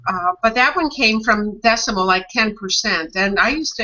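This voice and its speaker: A woman co-hosting a casual chat, lively and enthusiastic as she talks about words. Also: medium pitch, normal speed, few pauses. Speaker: co-host. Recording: muffled lo-fi audio.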